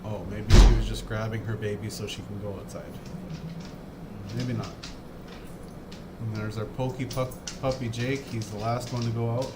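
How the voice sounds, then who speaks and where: A man's voice: on the low side, level tone, normal speed, long pauses, very noisy. A man with a North Dakota accent hosting a casual morning live stream from home, rambling and chatty while he builds a model. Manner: rambling, chatty, self-deprecating. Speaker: livestream host building a model kit. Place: home, indoors.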